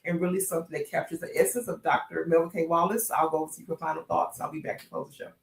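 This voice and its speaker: A woman's voice: on the low side, fairly even intonation, fast talker, gravelly, roomy sound. A woman hosting a podcast, effusive and emotional, laughing often and using casual slang. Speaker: podcast host. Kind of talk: casual interview chat.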